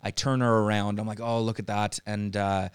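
A man's voice: fairly low pitch, little pitch movement, brisk, clean tone, no room sound, studio quality. A young man from Ireland, a podcast guest, telling a story in casual chat, acting out quotes, swearing freely and laughing often.

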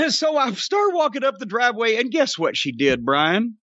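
A man hosts a podcast and tells a long, profane story, acting out his own yelling along the way. His voice sits very high and sounds sharp and forceful. The recording is dull and lo-fi, with a dry, close sound. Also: normal speed, dry recording. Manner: profane, animated, reenacts shouting. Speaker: podcast host. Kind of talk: storytelling rant.

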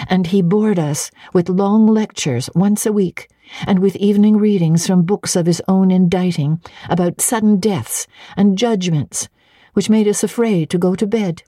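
A woman voicing an earnest eighteen-year-old governess who answers quietly and plainly. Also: fairly low pitch, no echo, studio quality, pitched above the performer's own voice, lightly acted.

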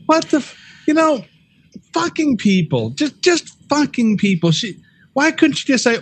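A man's voice: extremely high pitch, big pitch swings, slow, pauses often, husky. A man co-hosting a podcast in casual chat, joking, laughing often and riffing with mock quotes. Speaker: podcast co-host.

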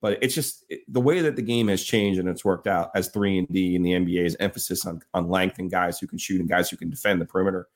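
Male sports podcast co-host, a bit low, storyteller who laughs easily. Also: fairly even intonation, fast, hardly any pauses. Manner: storytelling, acts out quotes, laughs often. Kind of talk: casual sports chat.

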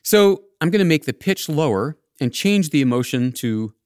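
A man's voice: on the high side, expressive, moderate pace, darkish tone, no echo, clean studio sound. A man hosting a podcast, narrating his script in a wry, playful way. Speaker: podcast host.

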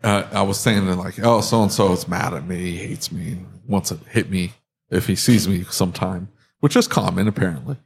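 A man's voice: sits low, normal speed, creaky, breathy edge. A man co-hosting a podcast, chatting casually, telling rambling, self-mocking stories and laughing often. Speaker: podcast co-host, auto shop owner. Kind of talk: casual chat.

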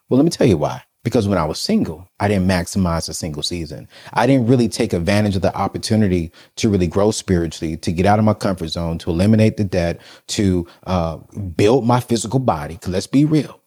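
Male guest, animated, sermon-like cadence, emphatic with rhetorical questions, wide swinging pitch. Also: brisk, few pauses, breathy edge. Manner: preacherly, fires off rhetorical questions; energetic and emphatic, acts out scenes. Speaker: podcast guest. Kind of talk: faith-based advice in conversation.

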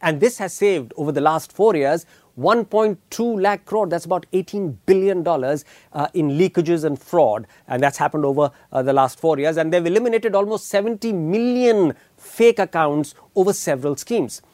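High-voiced Indian man with dry commentary. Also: lively intonation, darkish tone, dry recording. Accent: Indian English. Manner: emphatic, deliberate, with frequent uh fillers. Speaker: commentary show host. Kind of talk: opinionated news commentary.

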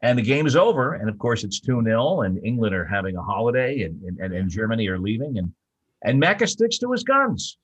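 An older man, a veteran sports broadcaster, telling stories as a guest in a casual podcast chat, animated with frequent restarts and bursts of emphasis. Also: lowish voice, quick pace, few pauses, slightly rough.

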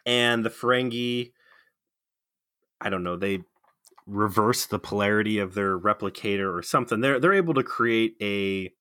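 A man's voice: on the low side, normal speed, bright, forceful tone, no room sound, clean studio sound. A man co-hosting a casual podcast, incredulous and profane as he rants. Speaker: podcast co-host. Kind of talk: casual ranting chat.

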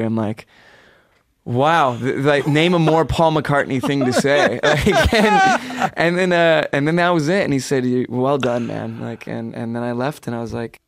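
A man in his twenties, a singer, excitedly telling a story in an interview and acting out quotes. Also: medium pitch, a little slow, vocal fry, no echo, studio quality. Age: 20s. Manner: animated, swears, acts out quotes in whispers. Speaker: guest singer.

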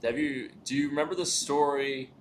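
A man interviewing a guest in a casual chat, speaking haltingly and hesitantly. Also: mid-range voice, fairly even intonation. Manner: hesitant, halting, full of restarts. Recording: faint background noise.

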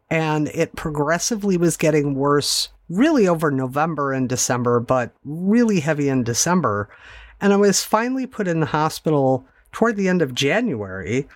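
A woman's voice: deep voice, a little mellow, no room sound. A middle-aged woman hosting a podcast, candidly recounting a personal story in a conversational way with wry asides. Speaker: podcast host.

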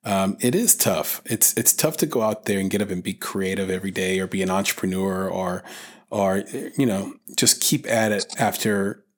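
Deep-voiced man hosting a casual chat. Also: normal speed. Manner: conversational, loose with fillers and restarts. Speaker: podcast host.

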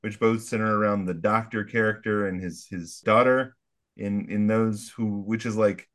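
A man's voice: fairly low pitch, a bit bright. A man hosting a podcast, chatting casually and joking enthusiastically about shows he loves. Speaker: podcast host.

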